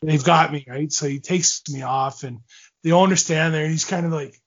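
A man, a former hockey player, telling lively stories as a guest in a casual podcast interview, acting out quotes and laughing often. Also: fairly high pitch, brisk. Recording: dull lo-fi podcast audio.

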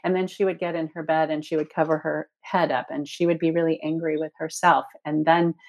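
A woman's voice: sits low, flat delivery, fairly quick. A woman in her sixties speaking earnestly as an interview guest, acting out inner voices with playful shifts. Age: 60s. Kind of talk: reflective interview talk.

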